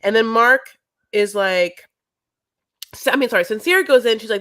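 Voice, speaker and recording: A woman's voice: on the high side, normal speed, long pauses, a bit bright. A woman co-hosting a podcast, recapping a reality show in rambling casual chat with lots of fillers. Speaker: podcast co-host.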